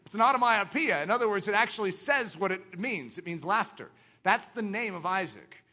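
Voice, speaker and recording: Male preacher, sermon, high lively voice, bright tone, rhetorical questions. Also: brisk. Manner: animated, acts out quoted voices, rhetorical questions.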